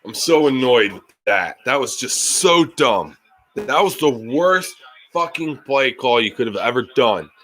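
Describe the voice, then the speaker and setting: A man's voice: mid-range voice, expressive, a little slow, a bit bright. A man streaming a live reaction to a football game, ranting and swearing in frustration at the play calling between stretches of play-by-play. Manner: frustrated, swearing fan rants.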